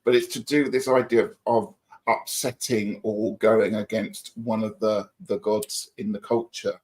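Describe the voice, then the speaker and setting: A man's voice: fairly low pitch, flat delivery, normal speed, a little mellow. Upbeat middle-aged guy hosting a live chat, reads out viewer comments, greets everyone. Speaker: livestream co-host.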